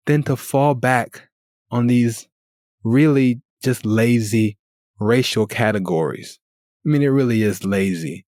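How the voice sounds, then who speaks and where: A man's voice: on the low side, a little mellow, no echo, clean studio sound. A middle-aged man hosting a solo podcast, talking earnestly and persuasively in strings of rhetorical questions. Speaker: podcast host.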